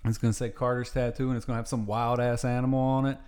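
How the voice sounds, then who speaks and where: A man's voice: medium pitch, level tone, fast, darkish tone, smooth. A man in his thirties co-hosting a podcast, rambling through stories, mocking himself and laughing as he goes. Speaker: tattoo shop owner and podcast co-host. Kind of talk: casual chat. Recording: background music playing.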